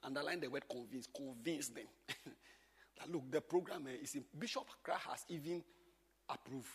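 A man, a pastor teaching a church group informally, swinging from loud exclamations to quiet asides. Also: medium pitch, moderate pace, slightly rough, long reverb tail.

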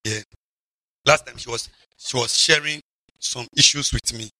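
A man preaching a lively sermon as a bishop, mocking and shouting for emphasis. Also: medium pitch, measured pace, no room sound.

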